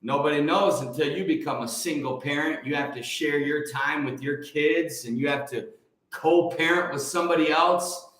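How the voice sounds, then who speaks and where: On a casual morning livestream, a man greets viewers by name and drives home emphatic, preachy points. His voice is a little high and a bit bright at normal speed, and the room echoes heavily.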